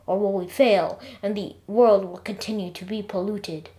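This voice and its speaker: A woman narrating her own episodic story in a lively, expressive reading. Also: medium pitch, moderate pace.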